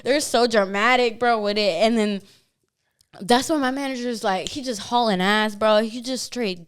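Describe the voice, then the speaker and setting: A young woman tells stories on a casual podcast, loud and profane. Her voice is smooth and clear, and she jumps into quoted dialogue with big energy. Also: on the high side, moderate pace. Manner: blunt, profane, animated storytelling. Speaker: podcast guest, dancer. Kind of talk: casual storytelling chat.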